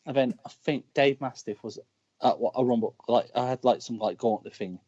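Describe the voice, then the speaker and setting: A man with a British accent, a wrestler telling ring stories in casual chat, animated and breaking into shouted lines. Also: mid-range voice, a little fast. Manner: animated, shouts quoted lines mid-story. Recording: dull lo-fi call audio.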